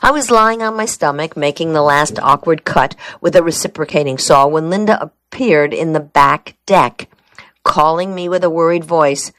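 A woman with a notably low voice reads a first-person memoir aloud. Her delivery is wry and dry, like a steady audiobook narration. The recording is close and dead, with no room echo. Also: normal speed.

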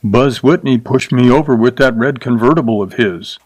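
A man's voice: mid-range voice, normal speed, no room sound, lightly acted. A man voicing a meek young cowboy who speaks apologetically and pleads in a storybook reading. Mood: apologetic.

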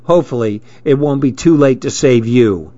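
A man's voice: medium pitch, moderate pace, dark tone, dry recording, close to an everyday voice. A man voicing a bossy, scolding girl in a smug tone, in a dull lo-fi recording.

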